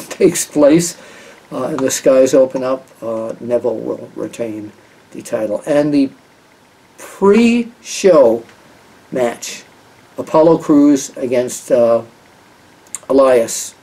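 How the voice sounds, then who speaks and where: A man's voice: mid-range voice, warm tone, breathy edge, distant mic, poor audio. An older man giving his picks as a wrestling journalist in casual talk, rambling with many fillers and restarts.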